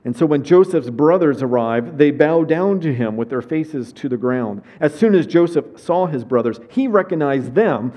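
A man preaching a sermon, opening with a prayer and then telling a Bible story in a lively way with asides, reading scripture aloud. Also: on the high side, moderate pace, hardly any pauses. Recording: dull lo-fi sound.

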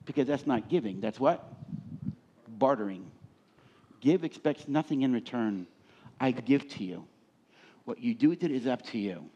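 A male pastor preaching a sermon who asks the congregation to fill in words and rises into animated scripture reading. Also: mid-range voice, moderate pace, pauses often, slightly rough.

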